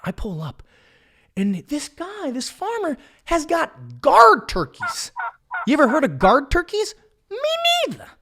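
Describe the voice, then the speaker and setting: A man hosting a podcast, telling a story in a comic monologue, animated, excitable and full of swearing. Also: very high-pitched, measured pace. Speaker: podcast host.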